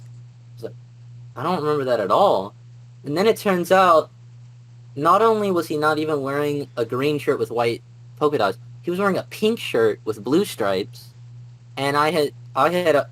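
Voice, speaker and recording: A man's voice: a little high, fairly bright tone, rough recording. A young man, a podcast guest, telling a long personal story in a rambling way, full of fillers and restarts. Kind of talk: casual storytelling.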